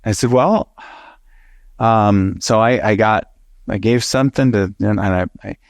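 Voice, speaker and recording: A man teaching a Bible study, telling a personal story in a lively way, acting out the other people's words and laughing along. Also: on the low side, normal speed, no echo, clean studio sound. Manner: animated storytelling, acts out quoted voices, laughs. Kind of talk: sermon storytelling.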